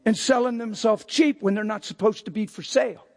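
High gravelly older preacher man. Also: fairly quick. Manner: preaching with sudden shouted outbursts. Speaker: pastor. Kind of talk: sermon.

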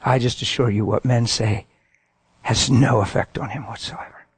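A man's voice: mid-range voice, steady tone, moderate pace, slightly rough, no echo. A man preaching a sermon and telling stories in a folksy, emphatic way. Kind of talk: sermon with storytelling.

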